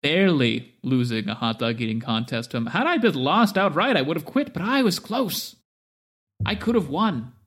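A boastful, melodramatic halfling man, as a man plays him at the table. He tells tall tales in a pompous, theatrical manner, his voice sitting a little high. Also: big pitch swings, moderate pace, fairly bright tone, slightly rough, heavily acted. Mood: grandiose.

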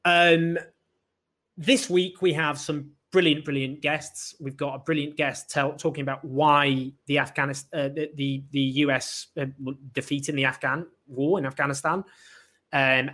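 A man's voice: a little high, fairly even intonation, fairly bright tone. A British man hosting a live political show alone, speaking passionately with frequent restarts and fillers. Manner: impassioned, halting with restarts. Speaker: show host. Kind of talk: solo live political commentary.

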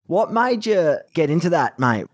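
A young man with an Australian accent hosting a casual podcast interview, energetic and chatty with plenty of slang. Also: a little high, normal speed. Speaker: podcast host. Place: Los Angeles.

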